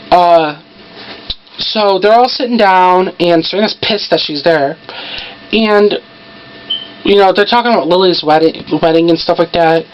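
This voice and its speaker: A woman casually recapping a TV episode, chatty and full of "so" and "like" fillers, with quick asides. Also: fairly low pitch. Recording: dull lo-fi home recording with faint background noise.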